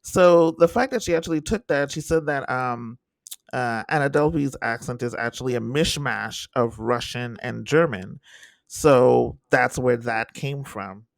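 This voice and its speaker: A man co-hosting a podcast in casual chat, animated and repeating himself as he talks in bursts. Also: medium pitch, a little slow, vocal fry, dry recording, clean studio sound. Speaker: podcast co-host.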